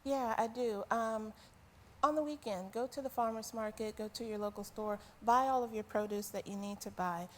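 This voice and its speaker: A woman's voice: on the high side, moderate pace, a little hiss or hum. A woman guest on a talk show, earnestly explaining her cooking and giving practical advice. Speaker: guest, food business owner.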